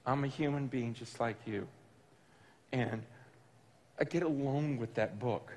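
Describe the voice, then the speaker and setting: A man preaching to a room, telling a personal story with animated, emphatic bursts of excitement. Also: medium pitch, measured pace, long reverb tail. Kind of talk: storytelling sermon. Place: large room with an audience.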